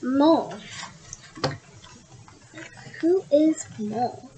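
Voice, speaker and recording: A woman reading a picture book aloud to children, expressive and slow, with chatty asides to her listeners. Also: sits high, highs cut off, a little hiss or hum. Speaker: read-aloud channel host.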